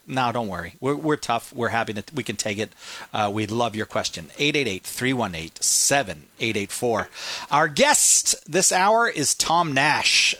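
A man's voice: medium pitch, sharp tone, dry recording. A man hosting a call-in radio show, upbeat and joking, often correcting himself mid-sentence. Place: radio studio. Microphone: studio microphone.

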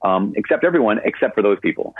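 Catholic priest, male, lower-pitched and somewhat breathy, responding to a caller on air, narrowband broadcast sound. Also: animated, fast talker, no room sound. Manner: conversational storytelling with frequent fillers. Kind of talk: answering a caller on a radio show.

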